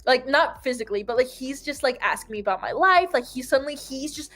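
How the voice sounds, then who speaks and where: Speaking fast in a high voice, a young woman host tells a long story in a relaxed, rambling way. Her animated retelling is packed with "like" fillers and quotes she acts out.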